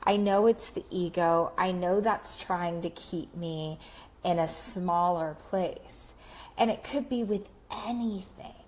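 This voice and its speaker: Slow-talking woman coach. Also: fairly low pitch, a little mellow. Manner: slow, reflective with many fillers. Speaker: life coach. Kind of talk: Facebook Live talk.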